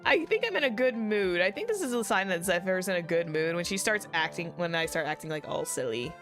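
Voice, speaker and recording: A woman's voice: on the low side, expressive, a little fast, fairly bright tone, faint music behind. A woman VTuber chatting casually while playing a game, goofy and self-deprecating. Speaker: VTuber streamer.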